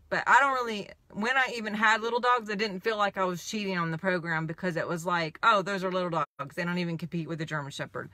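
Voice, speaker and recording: Bright-voiced woman sharing a personal story. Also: lowish voice, dry recording. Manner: candid, halting, emotional storytelling. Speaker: healing coach. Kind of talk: personal reflective monologue.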